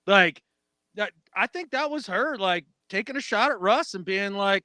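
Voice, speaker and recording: A man co-hosting a casual sports podcast, animated and acting out quotes in mock voices. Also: high-pitched, normal speed, no echo. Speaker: podcast co-host.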